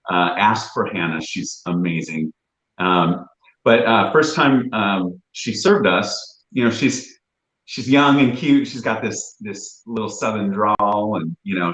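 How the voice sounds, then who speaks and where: A man co-hosting a casual livestream, telling rambling, animated stories. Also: on the low side, reverberant, low-quality recording. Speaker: real estate agent and livestream co-host.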